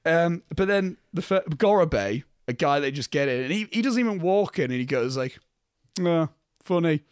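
A man's voice: a little high, expressive, moderate pace, clean tone, no room sound, studio quality. A young man co-hosting a casual film podcast, swearing freely and laughing as he talks. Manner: swearing, laughing, acting out characters' lines. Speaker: podcast co-host.

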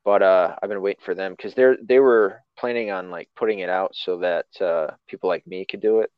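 A man's voice: deep voice, steady tone, a little fast, smooth, dry recording, lo-fi sound. A man hosting a casual podcast chat, loose and profane, laughing often. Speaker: podcast host.

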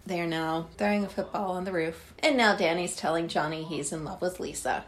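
A woman's voice: lowish voice, fairly even intonation, a little fast, hardly any pauses. Sarcastic woman riffing on a movie. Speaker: movie commentator. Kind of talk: running commentary while watching a movie.

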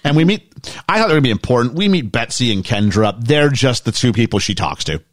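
A man's voice: mid-range voice, fairly quick, no echo, studio quality. A man co-hosting a casual film-discussion podcast, joking and acting out lines from the movie. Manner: animated, jokey, acts out lines. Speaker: podcast co-host.

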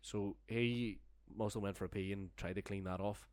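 A man's voice: on the low side, steady tone, normal speed, darkish tone, dry recording. A young man telling a long, rambling, sweary story in casual chat, laughing as he goes. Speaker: storyteller guest. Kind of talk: casual podcast anecdote.

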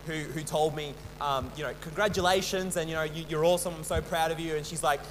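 A young man preaching a sermon as a pastor, halting and full of restarts and repeated words. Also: on the high side, fairly even intonation. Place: church hall. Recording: long church reverb, faint hum.

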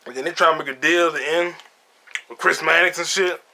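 Bright-voiced man swearing through a movie recap. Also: fairly high pitch, fairly even intonation, fairly quick, creaky, a little hiss or hum. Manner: profane, laughing storyteller who retells scenes. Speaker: podcast host. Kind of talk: casual solo movie review.

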